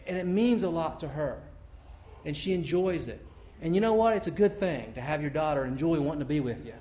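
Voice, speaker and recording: Man preaching a relaxed, conversational sermon. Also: on the high side, a little hiss or hum. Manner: conversational, repeats and restarts words. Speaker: pastor.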